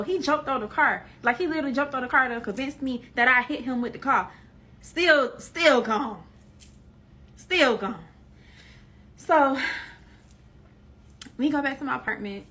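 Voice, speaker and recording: A woman's voice: a little high, expressive, moderate pace, bright, forceful tone. A young woman casually telling a personal story to her viewers, emphatic and repeating herself for effect. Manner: emphatic, repeats herself, addresses listeners as y'all.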